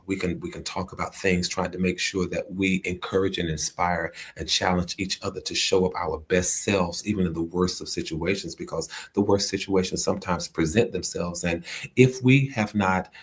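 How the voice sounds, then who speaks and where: A man's voice: low voice, flat delivery, moderate pace, few pauses, breathy edge. A middle-aged man hosting a live-streamed talk, greeting viewers and giving an inspirational lesson with many restarts and repeated phrases. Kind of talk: casual inspirational livestream talk. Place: indoors at a friend's home while traveling.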